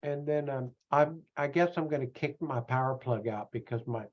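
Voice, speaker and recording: A man coaching an audience in a loose live-streamed talk, animated and self-mocking, often slipping into other voices. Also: mid-range voice, normal speed, highs cut off. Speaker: online business coach.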